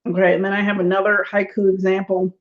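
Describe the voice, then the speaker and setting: A chatty woman teaches tarot in a loose, rambling online class, her voice sitting at a middling pitch. She laughs often and scatters "like" through her sentences. The audio is dull and lo-fi, as if from a computer mic on a video call. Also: flat delivery, quick pace.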